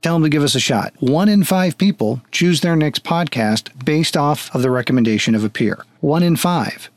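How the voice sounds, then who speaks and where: A man's voice: fairly high pitch, lively intonation, fairly quick, dry recording. A man running a tabletop game as game master and podcast host, joking and casually profane. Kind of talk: running a tabletop game, then patron thanks.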